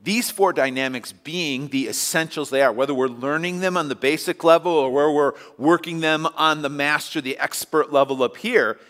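A man's voice: fairly high pitch, moderate pace, few pauses, fairly bright tone. A man preaching a sermon in a church, talking conversationally and acting out little scenes for the congregation. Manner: conversational preaching with acted-out asides. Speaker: pastor. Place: church sanctuary. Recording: long hall reverb.

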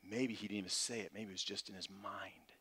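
A man preaching a sermon, retelling a scripture scene with animated storytelling, swinging between loud climaxes and quiet murmurs, often checking in with "all right?". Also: low voice, fairly quick, slightly rough. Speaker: pastor.

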